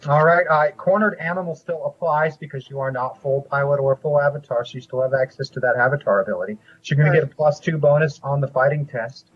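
A man narrating as game master, describing scenes and rulings in a measured way with frequent pauses. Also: fairly high pitch, steady tone. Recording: dull lo-fi audio.

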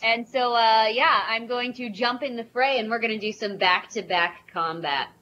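A woman playing in a tabletop game, declaring her actions hesitantly, with many pauses. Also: on the high side, fairly even intonation, bright, forceful tone. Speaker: player. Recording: dull lo-fi audio with faint noise.

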